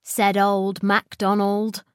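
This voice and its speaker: A woman with a British accent narrating a children's storybook in a clear, expressive read-aloud manner. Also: mid-range voice, takes it slowly, no echo, studio quality.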